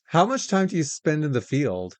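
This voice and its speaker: A man's voice: fairly high pitch, big pitch swings, normal speed, dry recording. A man hosting a podcast in casual chat, joking and rambling with self-interruptions. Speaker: podcast host.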